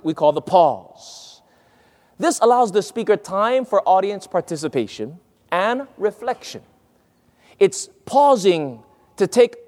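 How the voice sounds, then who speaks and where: A man's voice: sits high, a little mellow. A man preaching a sermon-style lesson on speaking, emphatic and earnest, putting questions to his listeners and stretching key words.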